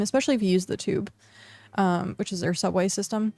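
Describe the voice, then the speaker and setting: A woman's voice: mid-range voice, a little fast, dark tone, no room sound, faint music behind. A woman streamer from the United States chatting casually while she plays, rambling with lots of fillers and restarts. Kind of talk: casual chat while gaming.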